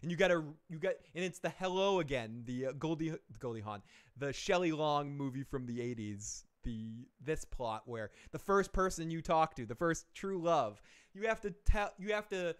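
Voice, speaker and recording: A man hosting a live-stream movie review, retelling a plot in a rambling, animated way, with frequent self-corrections, swearing, and laughs at his own jokes. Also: on the high side, smooth. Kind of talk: casual rambling film recap.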